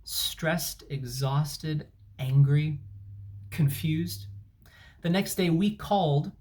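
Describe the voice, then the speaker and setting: A man's voice: on the high side, extremely slow, darkish tone. Exasperated man ranting about a trip. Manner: exasperated, emphatic, sarcastic. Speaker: travel vlogger. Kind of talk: angry storytime rant. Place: at home, indoors. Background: dryer and washing machine running.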